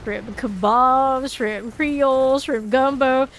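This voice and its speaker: A woman doing a young Southern man with a US Southern accent, drawling out a list in a sing-song rhythm. The voice sits a little higher than her own and rings out louder. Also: slow pace, a little hiss or hum. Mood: singsong. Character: Southern young man reciting shrimp dishes.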